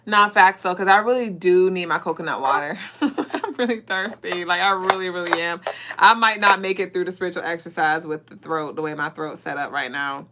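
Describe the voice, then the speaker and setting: A woman's voice: on the low side, fairly quick, bright, forceful tone, a little hiss or hum. A woman hosting a spiritual live stream, talking straight to her viewers in a laid-back way and leading a guided meditation.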